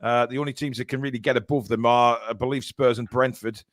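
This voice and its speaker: A man commentating live on a football match as a fan and co-host, excitable and blunt, sometimes swearing. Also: mid-range voice, quick pace.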